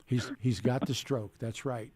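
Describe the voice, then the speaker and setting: A man's voice: mid-range voice, fairly even intonation, unhurried, darkish tone, no room sound. A man hosting a radio talk show, rambling through topics with frequent restarts and asides to callers.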